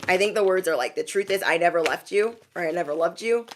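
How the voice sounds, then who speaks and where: A woman's voice: lowish voice, quick pace, hardly any pauses, a bit bright, slight background noise. Chatty woman giving a spiritual reading. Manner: chatty, addresses viewers as bestie. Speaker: intuitive reader.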